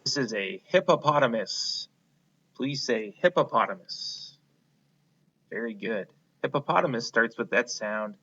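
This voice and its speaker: A man's voice: mid-range voice, lively intonation, a little slow, fairly bright tone, dull audio. A man teaching a phonics lesson to young children, patient and encouraging, asking them to repeat words after him. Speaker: kindergarten teacher.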